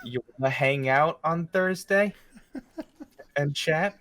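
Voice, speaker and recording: A man's voice: a little high, slow pace, fairly bright tone, a little hiss or hum. Young man giving dry, witty answers. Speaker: podcast co-host. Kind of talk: casual chat, quick-fire answers.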